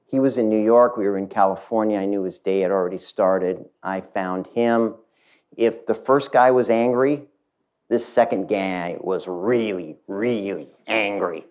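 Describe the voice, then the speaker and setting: A middle-aged man, a company chief, tells a story from his career to an audience, lively and speaking straight to the listeners. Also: fairly low pitch, unhurried. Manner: animated, addresses the audience directly. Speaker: CEO giving a talk. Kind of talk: storytelling keynote talk.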